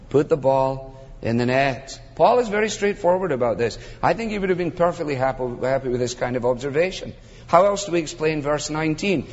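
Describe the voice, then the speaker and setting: Emphatic older preacher in a reverberant hall. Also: male voice, on the high side, moderate pace. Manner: emphatic, builds to animated climaxes, wry humor. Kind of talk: expository sermon. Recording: muffled sound with long hall reverb.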